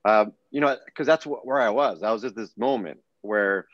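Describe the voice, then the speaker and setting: A middle-aged man, a podcast guest, telling a personal story in an earnest, animated way, often restarting his sentences. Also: fairly low pitch, normal speed, dry recording, lo-fi sound. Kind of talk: casual storytelling interview.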